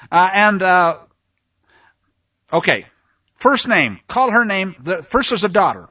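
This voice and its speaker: A man preaching a sermon, reading scripture aloud and commenting with sarcastic asides, swinging between hushed passages and shouts. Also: high voice, big pitch swings, takes it slowly, long pauses, breathy edge, dry recording, highs cut off.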